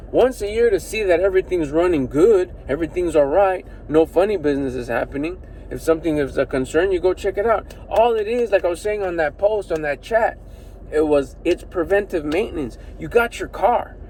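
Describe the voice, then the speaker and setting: A middle-aged man talks to his phone from inside a vehicle in a loose, motivational vlog style. His voice sits a touch high for a man, and he is animated and slangy, swearing freely and firing off rhetorical questions. Faint traffic noise hums behind him. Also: brisk, poor audio. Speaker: personal development vlogger. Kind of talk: casual motivational talk to camera.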